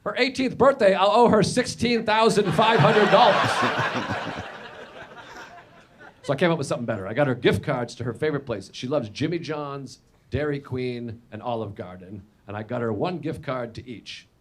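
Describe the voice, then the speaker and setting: A man's voice: mid-range voice, lively intonation, moderate pace. A man performing a stand-up comedy routine, telling exaggerated stories in a sardonic way. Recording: noisy clip played back in a reaction video.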